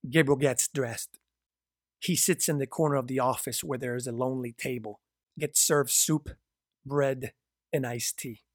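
A man narrating a dark story in a measured, descriptive reading. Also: medium pitch, fairly even intonation, no echo, studio quality.

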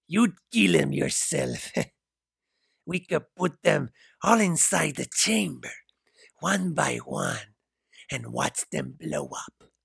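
A man reading a story aloud, voicing a calm, menacing male captor who mocks and chuckles darkly. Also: a little high, dry recording, clean studio sound, full character voice. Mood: mocking. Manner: smooth, mocking, chuckles darkly.

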